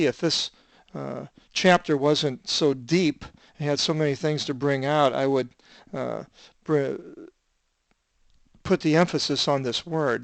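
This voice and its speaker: An older man, a Bible translator, teaching biblical Greek in a slow, halting seminar, with many fillers as he reads and explains Greek words. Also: fairly high pitch, vocal fry, dry recording.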